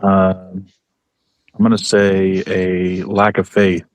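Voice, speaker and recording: A man answering in a casual online debate in a measured, slightly preachy way over a call mic. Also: low-pitched, completely flat delivery, no room sound. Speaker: debate participant. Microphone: video call mic.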